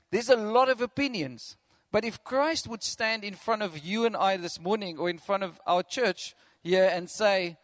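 A man preaching a sermon as pastor, animated, acting out quotes and chuckling between points. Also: sits high, normal speed, no echo.

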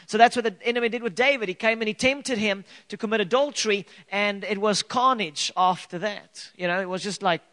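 A man with a high-pitched voice preaches a sermon to his congregation. He speaks earnestly and with emphasis, piling up rhetorical questions and drawing out key phrases. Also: bright, forceful tone. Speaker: pastor.

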